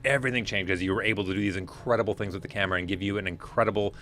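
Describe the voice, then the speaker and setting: A man's voice: lowish voice, steady tone, very fast, a bit bright, slight background noise. A man in his forties co-hosting a casual podcast, opinionated and rambling with frequent restarts. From Manitoba, Canada. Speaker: podcast co-host.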